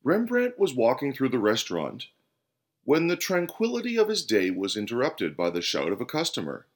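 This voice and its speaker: A man hosting and narrating a scripted parable with an expressive reading. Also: mid-range voice, normal speed. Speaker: host and storyteller. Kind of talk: scripted storytelling.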